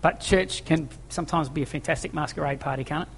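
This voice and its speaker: A man's voice: on the high side, brisk, creaky, a bit bright, a little hiss or hum. A man preaching a sermon to his congregation in a church hall, emphatic, repeating key phrases and asking rhetorical questions. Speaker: pastor. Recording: long echoing church reverb.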